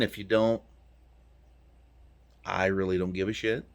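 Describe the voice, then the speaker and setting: This is a profane, angry rant from an American man addressing his viewers from his truck, heated and punchy with plenty of swearing. He speaks unhurriedly in a lowish, level voice that sounds clear and resonant.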